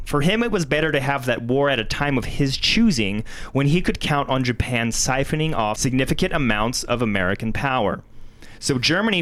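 A man's voice: medium pitch, a bit bright. A man with an Ohio accent co-hosting a podcast, reading history notes aloud. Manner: reads history aloud, breaks into laughs. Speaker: podcast co-host.

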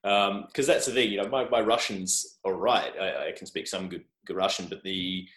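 A man's voice: low voice, fairly even intonation, moderate pace, fairly bright tone. An Australian man chatting as a podcast guest, rambling and self-deprecating. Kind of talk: casual interview chat. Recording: roomy echo.

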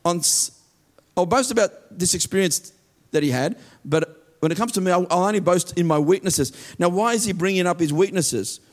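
A man with a high voice preaches a sermon. He reads verses slowly, then explains them earnestly, often restarting his phrases. At times he builds to loud, urgent peaks. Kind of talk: sermon teaching from scripture.

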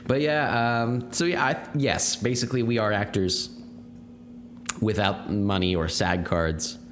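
A man's voice: fairly low pitch, steady tone, unhurried, a bit bright, a little hiss or hum. A man co-hosting a podcast in casual chat, rambling with fillers and laughing often. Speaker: podcast co-host.

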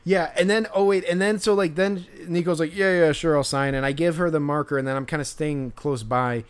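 A young male podcast host tells a story in casual chat, rambling with many fillers and restarts and laughing along. His voice is on the high side, clear and resonant, with fairly even intonation and a slightly fast pace.

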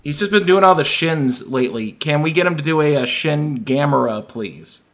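A man co-hosting a casual podcast chat, goofy and quick to make fun of himself. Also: a little high, expressive. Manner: goofy, self-mocking. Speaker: podcast co-host.

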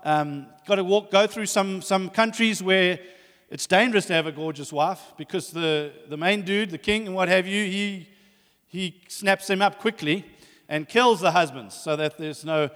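A man preaching a sermon, telling stories in an animated way and acting out the voices, with long hall reverb. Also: high-pitched, moderate pace. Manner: animated storytelling, acts out voices.

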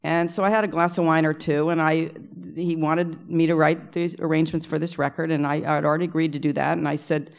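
A woman's voice: low voice, little pitch movement, brisk, gravelly, few pauses. A middle-aged woman composer telling rambling stories at a luncheon Q&A, often stopping to correct herself and adding laughing asides. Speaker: composer and arranger guest. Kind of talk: storytelling at a luncheon Q&A. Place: luncheon event room.

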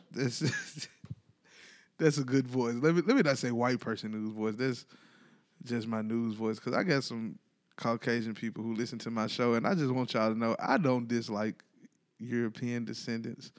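A man's voice: mid-range voice, normal speed. A man hosting his own podcast in loose casual chat, rambling and breaking off to restart his thoughts. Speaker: podcast host.

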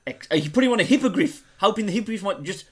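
A man's voice: high-pitched, expressive, racing, slightly rough. A man co-hosting a casual chat, talking with gushing enthusiasm. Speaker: podcast co-host.

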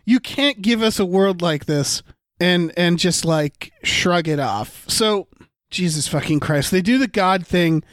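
A man with a fairly high voice rambles through a casual movie review, profane and animated in his complaints. The recording is close and dry, with no room sound. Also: unhurried, dry recording. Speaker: podcast co-host.

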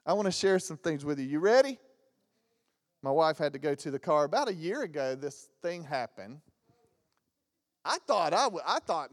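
A man's voice: fairly high pitch, normal speed, pauses often, long reverb tail. A man, preaching as a guest pastor and telling funny stories with put-on voices. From Southern United States. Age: 40s. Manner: animated storytelling with jokes and mimicked voices. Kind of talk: lively sermon with stories. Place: church sanctuary.

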